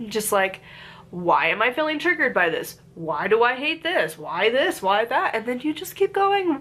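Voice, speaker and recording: Chatty woman with a lingering cold. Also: a little high. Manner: chatty, lots of "like" fillers, animated asides. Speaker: book reviewer and witchcraft author. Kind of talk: casual rambling book review.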